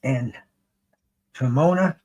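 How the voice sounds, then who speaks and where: This streamer's casual take on a live boxing bout comes in a medium-pitched, slow voice, with the highs cut off. He rambles excitedly, swears a lot and keeps restarting what he's saying.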